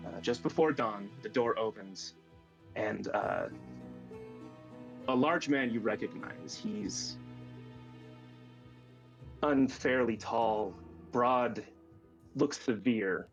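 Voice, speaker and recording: A man runs a tabletop game on stream, narrating the scene in a middle-pitched voice. He stumbles and restarts as he talks. The audio sounds dull and lo-fi, with faint music playing underneath. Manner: halting, many fillers and restarts. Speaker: game master.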